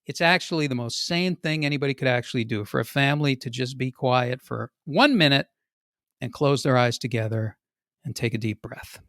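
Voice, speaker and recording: A man hosting a podcast, opening the show in an energetic, jokey way. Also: moderate pace, dry recording, clean studio sound. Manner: energetic and jokey, pitch jumps for emphasis. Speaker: podcast host. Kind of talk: upbeat podcast introduction.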